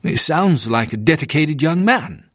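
A man voicing a calm, curious male Victorian preacher who asks measured, courteous questions. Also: a little high, slightly rough, dry recording, studio quality, voice pushed up, full character voice.

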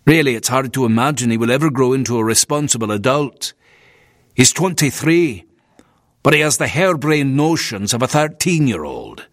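A man's voice: medium pitch, expressive, normal speed, no room sound, clean studio sound, close to an everyday voice. A man voicing a stiff, disapproving Methodist minister with a Scottish accent in an audiobook.

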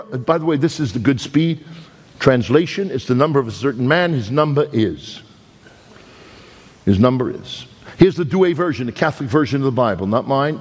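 Emphatic preacher, Brooklyn accent, hall reverb. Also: male voice. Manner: emphatic, swings between loud high peaks and low drawn-out words. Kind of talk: sermon.

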